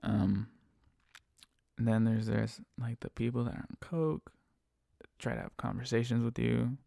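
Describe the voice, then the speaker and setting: Gravelly, swearing rideshare driver ranting. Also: male voice, medium pitch, steady tone, a little slow, dark tone, dry recording, clean studio sound. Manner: profane, blunt, ranting. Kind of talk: casual podcast monologue.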